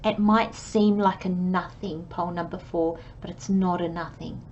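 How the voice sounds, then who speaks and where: A woman giving a channelled tarot reading, talking in a gentle, chatty way and acting out little imagined conversations. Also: on the low side, fairly even intonation, normal speed. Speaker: tarot reader. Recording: slightly dull, faint background hiss.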